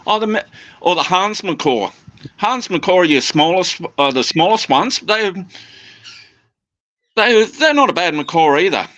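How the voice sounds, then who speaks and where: A man's voice: high voice, sing-song, a little slow, long pauses, a bit bright, no room sound. A man chatting as a guest about his parrots, rambling with restarts and mimicking his birds' phrases, talking into a phone. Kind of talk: casual chat.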